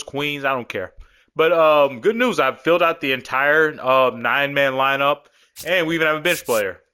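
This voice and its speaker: Laid-back man with a smooth voice. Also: mid-range voice, pushed and bright. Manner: laid-back, rambling, self-deprecating. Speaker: gaming YouTuber. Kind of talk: casual gameplay commentary.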